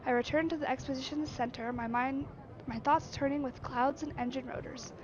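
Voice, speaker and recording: A woman streamer reading a text adventure game aloud, with expressive narration and musing asides. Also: high-pitched, a little fast. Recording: slightly dull lo-fi with faint noise.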